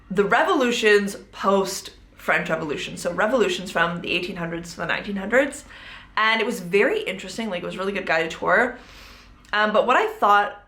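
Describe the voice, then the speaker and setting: A woman's voice: mid-range voice, a bit bright. A woman hosting a casual storytime podcast, talking in a chatty way with lots of "like". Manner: chatty, fills speech with "like". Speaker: podcast host. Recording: roomy echo.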